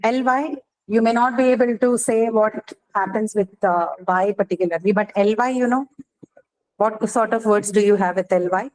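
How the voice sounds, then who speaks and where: A woman's voice: mid-range voice, normal speed, a little mellow, poor audio. A woman teacher giving a lecture, explaining step by step and often checking in with her students. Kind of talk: classroom lecture.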